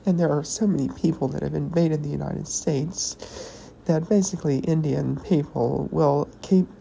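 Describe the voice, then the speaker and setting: A woman hosting a podcast, talking in a rambling, halting personal monologue while tearful and emotional. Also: low-pitched, fairly even intonation, gravelly, mellow, slight background noise, low-quality recording. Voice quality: halting, hesitant delivery with pauses. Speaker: podcast host.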